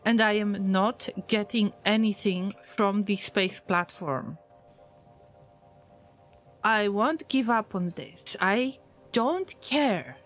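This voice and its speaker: A woman's voice: medium pitch, slow, pauses often, soft background music. A woman streaming a game and chatting with her viewers in English, which is not her first language. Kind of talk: casual livestream chat while gaming.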